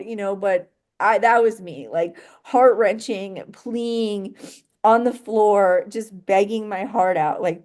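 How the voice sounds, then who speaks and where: Speaking a little slowly in a medium-pitched, darkish voice, a young adult woman shares a painful personal story during an interview. Her account rambles, with repeated sentence restarts and plenty of "like" and "you know".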